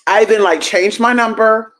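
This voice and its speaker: A woman hosting a livestream, telling a story in a sassy, profane, animated way. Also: fairly high pitch, normal speed. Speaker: livestream host.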